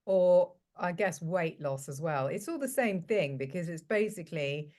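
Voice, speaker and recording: A woman's voice: fairly low pitch, lively intonation, normal speed, darkish tone. A woman from the UK hosting an interview, chatting in a loose, rambling way. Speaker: host. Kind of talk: casual interview chat.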